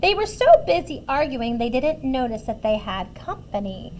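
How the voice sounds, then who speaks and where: A woman's voice: sits high, moderate pace, slight background noise. A woman reading a picture book aloud to children, asking them questions about the pictures as she goes. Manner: animated, asks listeners questions about the pictures. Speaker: children's story reader.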